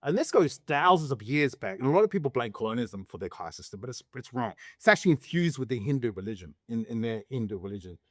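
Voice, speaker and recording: A man's voice: mid-range voice, very animated, quick pace, few pauses, a bit bright, no room sound, clean studio sound. A man talking straight to camera in a casual opinion monologue, emphatic, asking rhetorical questions and restarting his sentences. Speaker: vlogger.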